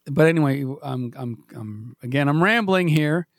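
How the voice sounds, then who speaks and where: A man's voice: fairly high pitch, animated, normal speed, no echo, clean studio sound. Rambling self-mocking man in his forties. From New England. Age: 40s. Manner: self-mocking, rambling, trails off in stammered restarts. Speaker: podcast host. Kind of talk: rambling comedic podcast chat.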